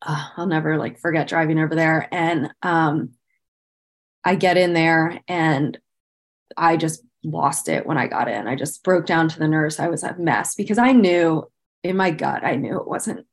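A woman's voice: sits low, normal speed. A woman in her thirties, a podcast guest, telling a personal story candidly and earnestly, with frequent "like" fillers and a strong sense of emotion. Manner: speaks about painful memories with visible emotion.

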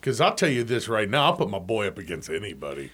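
A man co-hosting a casual sports radio show, animated and joking, who now and then breaks into shouting. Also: fairly low pitch, fast, slightly rough. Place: radio studio.

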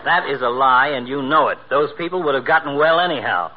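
A man's voice: mid-range voice, brisk, very noisy, lightly acted. A man playing a teasing small-town doctor who trades insults in a 1940s radio comedy. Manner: teasing, needling banter. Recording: dull old radio recording.

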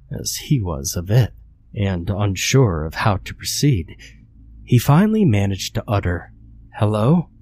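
A man reads a horror story aloud in a steady, measured way. His voice sits fairly low, and the delivery is scripted narration. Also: husky.

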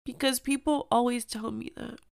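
Emotional young woman with a gravelly voice. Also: fairly high pitch, steady tone, normal speed, darkish tone, no echo, studio quality. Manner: earnest, emotional, confiding. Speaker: podcast host. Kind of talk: personal podcast monologue.

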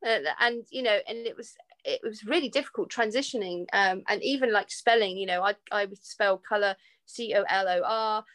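A woman's voice: mid-range voice, normal speed, fairly bright tone, no echo. A woman with an English accent, a podcast guest chatting casually and laughing often, with frequent restarts. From England. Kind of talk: casual chat.

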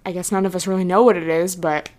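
A woman's voice: lowish voice, steady tone, quick pace, a little mellow. A young woman hosting her own podcast, chatting casually and earnestly, with lots of "like" and trailing thoughts. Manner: earnest, reassuring. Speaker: podcast host. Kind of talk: casual solo podcast chat.

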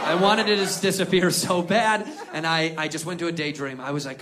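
A man's voice: a little high, fast, hardly any pauses. A man doing a stand-up comedy set, telling a story and slipping into mimicked voices. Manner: storytelling, mimics accents, animated. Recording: live club with crowd laughter and noise. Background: audience laughing.

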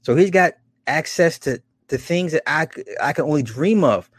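A man hosting a casual commentary, animated and profane, often laughing at his own stories. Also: a little high, moderate pace, husky, dry recording.

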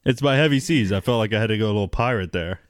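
Chill guy on a podcast, low voice, cusses offhand, dry close mic. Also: racing, no room sound. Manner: laid-back, blunt, swears casually. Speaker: podcast co-host. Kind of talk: casual chat.

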